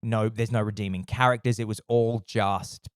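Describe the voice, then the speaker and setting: A man's voice: fairly low pitch, normal speed, clear, resonant tone, dry recording, clean studio sound. A man co-hosting a podcast in casual chat, telling stories with lots of energy, swearing freely and putting on voices for the people he describes. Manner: animated storytelling, puts on voices for characters, swears freely. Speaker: podcast co-host.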